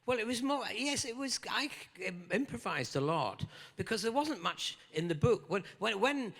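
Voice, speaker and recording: Older Scottish actor, convention panel guest, gravelly and high-ish, joking anecdotes, big hall reverb. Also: male voice, very animated, normal speed, fairly bright tone. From Scotland. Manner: playful, jokey, breaks into Scottish banter. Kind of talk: lively anecdotal storytelling.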